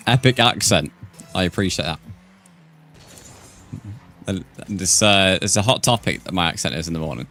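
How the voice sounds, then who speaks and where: A man's voice: lowish voice, fairly bright tone. A man streaming a game, chatting casually with viewers and calling them "mate". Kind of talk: casual live-stream chat.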